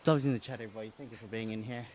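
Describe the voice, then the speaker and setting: A man's voice: lowish voice, rapid-fire, a little hiss or hum. An Australian man streaming live, chatting casually and reading out chat while he cycles, laughing often. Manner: relaxed, chatty, reads chat aloud with frequent laughs.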